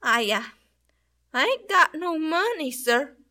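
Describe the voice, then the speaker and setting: A poor, hungry little boy, acted by a woman talks in a high, bright voice. He stammers and hesitates, shy but polite. His lines sound like a child in a storybook. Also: sing-song, slow pace, heavily acted. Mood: timid.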